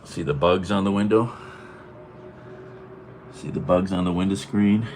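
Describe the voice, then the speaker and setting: Unhurried man with a deep voice, rambling vlog chat while cooking, noisy kitchen behind him. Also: a little mellow. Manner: rambling, chuckling to himself. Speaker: vlogger. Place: home kitchen.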